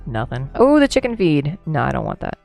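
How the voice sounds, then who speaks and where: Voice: mid-range voice, huge pitch swings, brisk, gravelly, a little mellow, soft background music. A game streamer chatting casually through a livestream, rambling, laughing and answering chat, a few drinks in.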